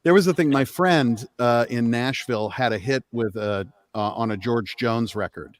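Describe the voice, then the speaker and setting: A middle-aged man, a guest on a chat stream, telling animated anecdotes with casual swearing. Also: mid-range voice, moderate pace.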